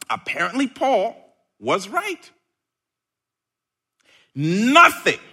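Male preacher, slow deliberate sermon, wildly swinging pitch, playful. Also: slightly rough. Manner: animated, playful, with sudden shouted bursts.

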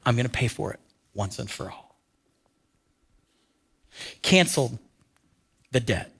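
A man preaching a sermon in a conversational way, asking his listeners questions and dropping to a hush on key phrases. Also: medium pitch, expressive, slow pace, creaky, slightly rough. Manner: conversational, asks the audience questions. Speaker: pastor.

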